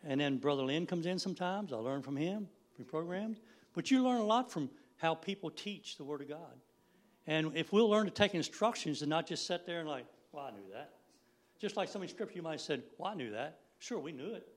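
A man's voice: a little high, lively intonation, a little fast. A man in his sixties giving a folksy, rambling church sermon, laughing now and then. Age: 60s. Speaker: lay preacher.

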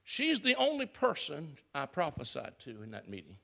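Gravelly high-voiced male preacher. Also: huge pitch swings, normal speed. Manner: confessional, emotional, building to loud preaching. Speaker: pastor. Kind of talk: sermon.

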